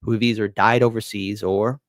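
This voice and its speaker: A man's voice: on the low side, steady tone, normal speed, dry recording, studio quality. A man hosting a casual solo commentary show, speaking earnestly and repeating phrases for emphasis. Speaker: host.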